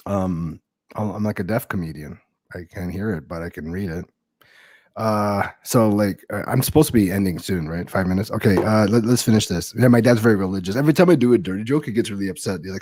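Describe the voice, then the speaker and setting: A man's voice: lowish voice, quick pace, darkish tone, dry recording, clean studio sound. A middle-aged man doing a loose, crude stand-up set over a video call, riffing on comments typed by his audience. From Filipino-American. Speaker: stand-up comedian. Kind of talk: stand-up set on a virtual comedy show.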